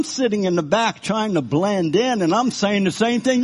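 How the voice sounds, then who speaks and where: A man preaching, sharing his own life story as a testimony, by turns animated and quietly subdued. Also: high-pitched, normal speed, few pauses. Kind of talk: personal testimony sermon.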